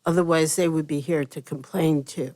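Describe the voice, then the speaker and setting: A woman neighbor giving a deliberate statement during public comment at a county meeting. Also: sits low, fairly even intonation, a little mellow.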